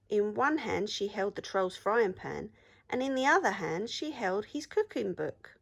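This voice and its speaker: A woman's voice: mid-range voice, expressive, unhurried, gravelly. A woman teacher reading a picture book aloud to children, then asking the class questions about the story. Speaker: primary school teacher.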